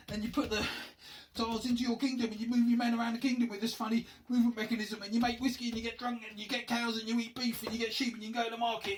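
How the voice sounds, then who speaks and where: A man's voice: very high voice, fairly bright tone. A middle-aged man with a self-deprecating manner, rambling casually about a board game and often losing his words. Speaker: board game box maker and reviewer. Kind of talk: rambling unscripted vlog chat. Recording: slightly distant mic with faint noise.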